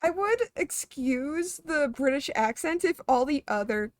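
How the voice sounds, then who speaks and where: A woman's voice: high-pitched, expressive, unhurried, no room sound. A young woman streaming a game, chatting casually, rambling, laughing often and swearing offhandedly. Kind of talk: casual chat while gaming.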